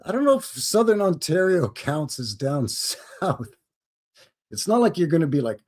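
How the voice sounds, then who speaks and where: A man's voice: on the high side, sing-song, unhurried, husky. A man hosting a casual live stream, joking and rambling and now and then slipping into silly voices. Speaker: host.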